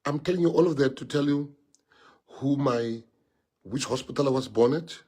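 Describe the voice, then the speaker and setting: Husky South African man speaking emphatically. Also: mid-range voice, normal speed, mellow. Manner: emphatic, repeats and restarts phrases. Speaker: public speaker. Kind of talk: impassioned speech to an audience.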